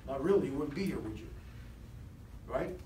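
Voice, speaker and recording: A man leading a live motivational sales seminar, animated and rousing, constantly quizzing his audience, recorded from a distance in an echoey training room. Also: mid-range voice, moderate pace. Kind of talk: live seminar talk to a class. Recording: echoey room, distant mic, faint hiss.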